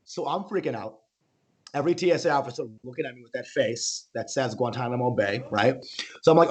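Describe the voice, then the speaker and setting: A man's voice: medium pitch, a little fast. A male comedian doing a stand-up set, rambling, interrupting himself and laughing at his own jokes.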